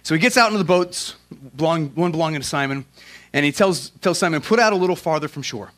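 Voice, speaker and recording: This pastor's sermon is casual and full of slang, veering from loud, pointed questions into quiet, genuine prayer. He speaks fast and with animation, his voice on the high side.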